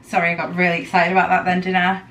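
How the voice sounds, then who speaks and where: A woman vlogger chatting casually through her grocery haul, rambling with lots of ums and quick giggles, her throat a little dry. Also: on the low side, monotone, fairly bright tone, distant mic. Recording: faint noise, voice a bit off-mic.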